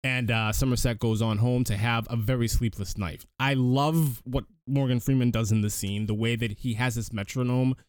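A man on a podcast recapping a film in casual chat, an animated storyteller who restarts his sentences often. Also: mid-range voice, moderate pace, few pauses, clean tone, no room sound, clean studio sound. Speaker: podcast co-host.

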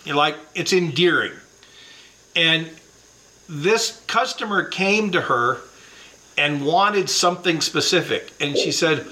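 A man's voice: fairly high pitch, takes it slowly, pushed and bright, rough recording. A man in a casual family podcast chat, telling an amused story from work.

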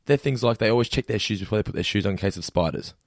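An Australian man talks rapidly in a lowish voice, recorded close and dry. He is co-hosting a podcast in loose, casual chat, laughing often and correcting himself as he goes. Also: no echo. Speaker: podcast co-host.

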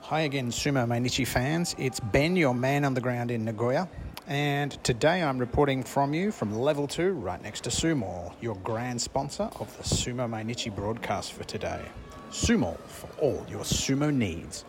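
A man's voice: mid-range voice, animated, moderate pace. A man reporting casually from a busy sports venue, with many fillers. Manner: loose, rambling, many fillers. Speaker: on-site reporter. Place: busy venue, crowd behind. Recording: crowd noise behind.

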